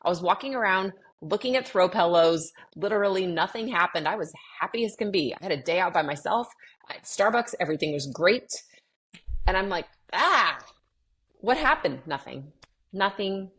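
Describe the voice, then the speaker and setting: Lively lower-voiced woman acting out quotes. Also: normal speed. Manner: animated, acts out quoted dialogue with clients; self-interrupting, restarts sentences. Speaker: guest sharing her experience with anxiety. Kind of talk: casual interview conversation.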